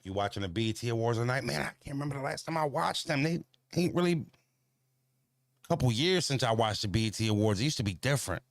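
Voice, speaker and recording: A man's voice: medium pitch, expressive, fast, vocal fry, no room sound, studio quality. Blunt, profane man rambling on a walk. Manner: blunt and profane, rambling with many fillers and repeated phrases; talks back to viewer comments. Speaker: channel host. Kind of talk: casual walking livestream chat.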